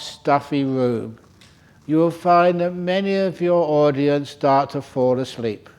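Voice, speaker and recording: A man's voice: on the high side, takes it slowly, darkish tone. An older man giving a humorous Dharma talk at a meditation retreat, telling stories and chuckling often. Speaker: meditation teacher. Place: retreat centre hall.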